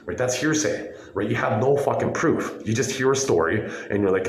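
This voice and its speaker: A man's voice: medium pitch, animated, normal speed, few pauses, roomy sound, a little hiss or hum, poor audio. A man in a hospital room, talking to his phone camera in a rambling, profane, insistent monologue that keeps checking "right?". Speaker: vlogger.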